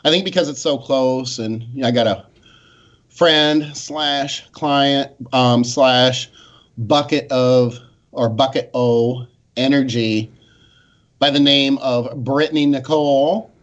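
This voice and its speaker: A man's voice: medium pitch, fairly even intonation, takes it slowly. A man co-hosting a podcast in casual chat, laughing often, swearing freely and rambling. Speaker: co-host. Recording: dull lo-fi sound.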